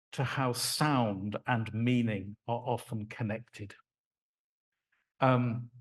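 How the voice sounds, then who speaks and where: A man lecturing live to an audience, at an ordinary pitch for a man. He keeps things conversational and animated, acting out rhythms and sounds as he goes. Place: lecture hall.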